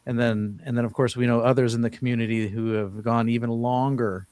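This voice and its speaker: A man hosts a casual live-stream chat at an everyday middle pitch. His voice sits close and dry, with no room sound. He rambles easily, restarting phrases and reading viewers' questions aloud. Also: level tone, a little fast, darkish tone, no room sound. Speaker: host.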